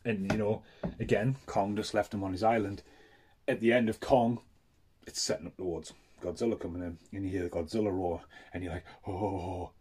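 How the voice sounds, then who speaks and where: A man's voice: low-pitched, steady tone, normal speed, a little mellow, slight background noise. A man, chatting casually through a movie unboxing in a swear-filled, enthusiastic, rambling rant. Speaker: film collector reviewing a Blu-ray.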